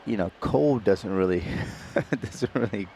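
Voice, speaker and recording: A man from Singapore giving live pool commentary in a relaxed, chatty way, explaining each shot in detail. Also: on the low side, unhurried, vocal fry, slight background noise.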